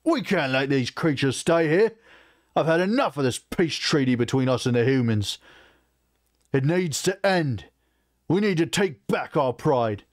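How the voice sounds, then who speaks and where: A man voicing a hot-tempered male orc war chief who snarls and shouts with contempt, read from a fantasy novel. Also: mid-range voice, fairly even intonation, moderate pace, no echo, clean studio sound, natural voice. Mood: enraged.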